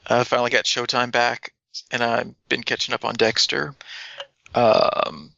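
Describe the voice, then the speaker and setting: A man co-hosting a podcast in casual, animated chat, swearing freely. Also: mid-range voice, a little slow, vocal fry, no room sound, lo-fi sound. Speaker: podcast co-host.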